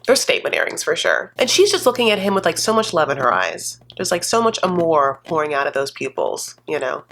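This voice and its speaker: A woman's voice: sits low, big pitch swings, fairly quick, a bit bright, a little hiss or hum. A woman doing a casual, sassy recap of a reality show to camera, laughing often and calling her viewers honey. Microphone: desk condenser mic.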